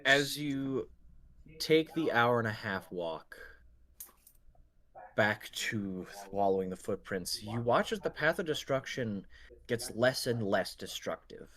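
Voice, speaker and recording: A man narrating as game master in a tabletop role-play, describing scenes in a slow, measured way. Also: mid-range voice, lively intonation, fairly bright tone.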